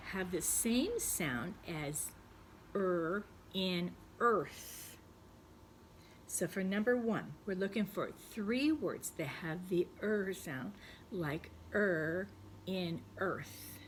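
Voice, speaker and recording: A woman teaching second graders a spelling lesson, spelling words slowly and clearly letter by letter. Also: mid-range voice, a little hiss or hum. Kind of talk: recorded spelling lesson for children.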